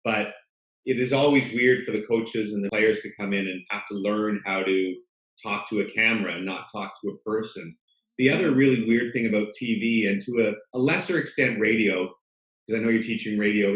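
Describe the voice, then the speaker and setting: Low-voiced man, roomy lo-fi sound. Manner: storytelling, self-deprecating, animated. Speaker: sports broadcaster, guest. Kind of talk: casual interview chat.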